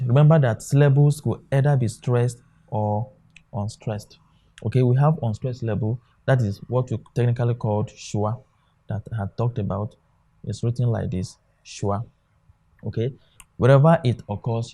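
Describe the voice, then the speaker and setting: Guy teaching for exam prep, mellow voice, keeps going "what?" then answers. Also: mid-range voice. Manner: drilling, asks questions then answers them himself. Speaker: English tutor. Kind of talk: exam-prep lesson at a board.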